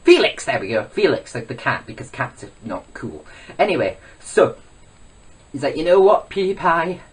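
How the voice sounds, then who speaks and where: A young man delivers a sarcastic, boastful comedy rant, stumbling over himself as he rambles. His voice swoops up and down a lot and sounds a little husky. He sits somewhat away from the webcam mic. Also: medium pitch, sing-song, normal speed, far from the mic. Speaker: comedy vlogger. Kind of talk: mock-rant comedy vlog.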